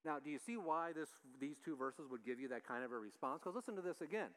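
A man's voice: a little high, animated, fast talker. A man leading an informal Bible study, talking through the passage in a conversational way with frequent restarts. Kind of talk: informal Bible teaching with slides.

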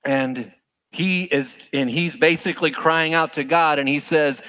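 Animated male preacher, high and bright-toned, sermon delivery. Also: measured pace. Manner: animated, acts out quoted prayers with swings in pitch and volume.

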